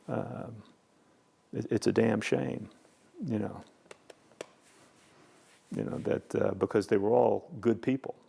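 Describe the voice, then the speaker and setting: An older man, a veteran, speaking in a reflective interview, halting and full of fillers and restarts. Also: mid-range voice, vocal fry, darkish tone. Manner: halting, repeats words and fillers.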